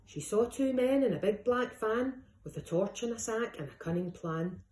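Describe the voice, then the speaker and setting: A woman, a teacher, reading a rhyming picture book aloud in a lively, sing-song way. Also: a little high, moderate pace. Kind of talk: storybook read-aloud. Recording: echoey room.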